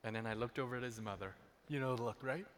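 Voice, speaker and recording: A man's voice: medium pitch, quick pace, a little hiss or hum. Pastor guy preaching, repeats lines for punch, mid voice, big hall echo. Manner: emphatic, repeats phrases for effect. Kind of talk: sermon with personal storytelling. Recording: long hall reverb.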